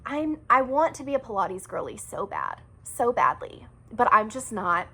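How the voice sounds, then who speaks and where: A woman's voice: on the high side, big pitch swings, creaky, sharp tone, slightly rough. Earnest woman sharing a workout story. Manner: earnest, halting, self-deprecating. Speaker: fitness program member. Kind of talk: casual video testimonial.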